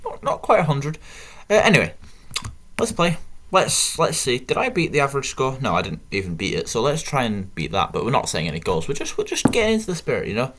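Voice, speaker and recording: With wildly swooping pitch and a slightly quick pace, a British man hosting a gaming channel rambles casually through gameplay, cracking self-deprecating jokes and tossing in asides. His voice is mid-range and fairly bright.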